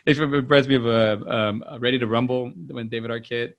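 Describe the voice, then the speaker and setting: Gravelly rambling man on a podcast. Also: mid-range voice, fairly even intonation, a little fast. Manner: rambling, many fillers and restarts, acts out quotes loudly. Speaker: podcast co-host. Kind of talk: casual movie podcast chat.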